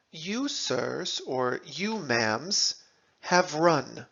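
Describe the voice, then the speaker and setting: A man narrating a scripted language lesson, deliberately sounding out German words and their translations, in a dull lo-fi recording. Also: on the high side, sing-song, gravelly, fairly bright tone, husky. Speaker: language teacher.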